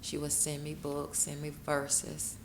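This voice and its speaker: Low-voiced woman telling her story with feeling. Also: completely flat delivery, unhurried. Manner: emotional, bursts into laughing high-pitched retellings. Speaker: guest. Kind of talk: candid interview storytelling. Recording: echoey room with noticeable noise.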